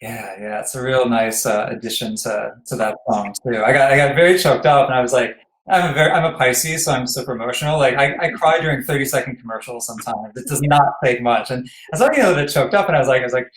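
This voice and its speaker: A man's voice: medium pitch, fast talker. A man interviewing a singer, chatty and hesitant with lots of ums. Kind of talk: casual interview chat. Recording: roomy echo.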